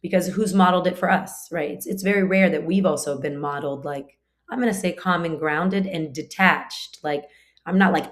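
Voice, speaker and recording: A woman's voice: fairly low pitch, moderate pace. A woman teaching a spiritual class in a conversational way, full of fillers and restarts, now and then acting out short quoted lines. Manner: acts out short quoted lines in her talk.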